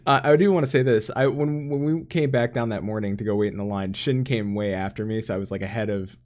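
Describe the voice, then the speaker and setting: A man from Florida co-hosting a gaming podcast, telling stories in an animated way with frequent laughter. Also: fairly low pitch, quick pace. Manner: animated storyteller, laughs often. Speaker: podcast co-host. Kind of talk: casual chat.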